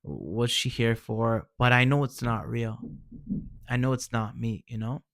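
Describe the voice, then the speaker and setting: A man in a mid-pitched voice talks straight to the listener in an easygoing, earnest way, full of slang and encouragement. His voice is recorded dry and close, with no room sound around it. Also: a little slow, vocal fry, fairly bright tone, dry recording. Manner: informal, peppers speech with "man" and "bro". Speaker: vlogger sharing personal experience. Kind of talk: casual heartfelt advice talk.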